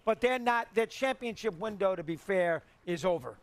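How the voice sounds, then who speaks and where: Blunt, higher-voiced man analyst. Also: expressive, moderate pace, dry recording. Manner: blunt, repeating for emphasis. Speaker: sports analyst. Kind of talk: sports talk opinion.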